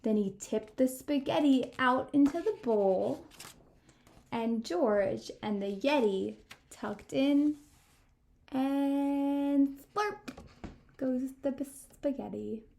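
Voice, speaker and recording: A woman's voice: high voice, slow pace, creaky. A woman librarian reading a storybook aloud to children and talking to them directly. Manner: animated, addressing kids directly.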